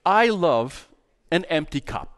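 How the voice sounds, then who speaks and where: Male pastor, middle-aged, higher-pitched, animated storyteller in a church sermon. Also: slow pace. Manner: animated, acts out voices in the story.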